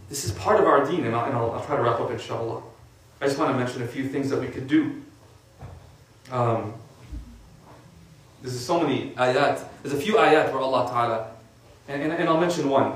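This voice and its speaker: A man gives an informal sermon in a conversational style, full of casual fillers. His mid-range voice is animated, his pace moderate with long pauses, and the distant mic picks up an echoey room.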